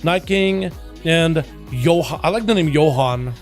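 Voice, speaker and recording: A man with a hoarse, scratchy voice, hosting a live game stream, chatting with viewers and calling matches play-by-play. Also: on the high side, a little slow, soft background music. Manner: friendly, addresses chat as boys.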